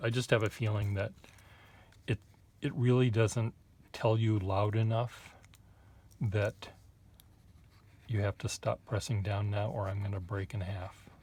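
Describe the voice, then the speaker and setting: A man's voice: on the low side, darkish tone, slightly rough. A man chatting casually at his desk while drawing, rambling and hesitant, with wry asides to the viewer. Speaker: artist reviewing pens.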